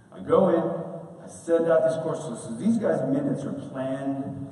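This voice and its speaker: A man in his forties giving a casual, animated talk to a school crowd, telling stories with slang asides. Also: a little high, measured pace. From United States. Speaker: guest speaker. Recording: echoey hall, from far off.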